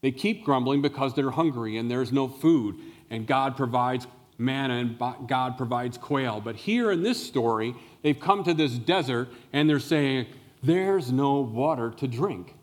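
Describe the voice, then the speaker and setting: A male pastor preaching a sermon, telling a Bible story with animated explanation and questions to the listeners. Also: mid-range voice, moderate pace, hardly any pauses. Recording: long reverb of a large hall.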